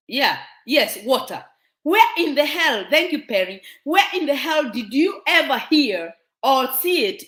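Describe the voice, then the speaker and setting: A woman's voice: fairly high pitch, a bit bright. A Kenyan woman with a Kenyan accent hosting her show, lecturing viewers in a fervent, scolding way full of rhetorical questions. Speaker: show host. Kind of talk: impassioned monologue to viewers. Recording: echoey room.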